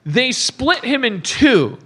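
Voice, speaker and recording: High, bright-voiced man ranting profanely. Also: slow, breathy edge. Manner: profane, animated, shouting in mock outrage. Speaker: podcast host. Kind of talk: comedic movie rant. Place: live stage show before an audience.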